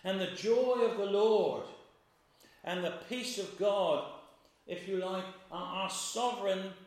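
A man preaching a sermon in a slow, measured way, stressing key words with emphasis. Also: high voice. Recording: very echoey room, voice from far off.

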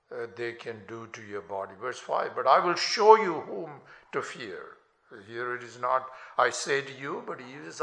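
A man preaching a sermon in a slow, deliberate way, lifting his voice sharply on scripture quotations. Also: medium pitch, pushed and bright. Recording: echoey room.

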